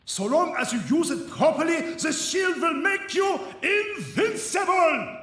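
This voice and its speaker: A boastful German-accented knight, booming and theatrical in a video game, his voice pitched very high and swinging lively up and down. He sounds roomy and set back from the mic. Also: a little slow, faint music behind, full character voice. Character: boastful German male knight, shield-obsessed. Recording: roomy echo, distant from mic.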